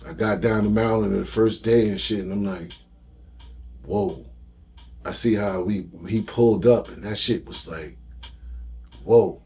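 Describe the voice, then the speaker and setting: A middle-aged man telling stories as a podcast guest, animated and acting out the voices of people he quotes. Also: fairly low pitch, fairly quick, hardly any pauses. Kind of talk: casual storytelling interview.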